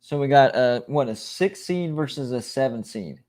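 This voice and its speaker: A man's voice: medium pitch, animated, normal speed, darkish tone. A man hosting a casual sports live stream, reading out ranked lists and viewer comments, rambling and often correcting himself. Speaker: sports livestream host.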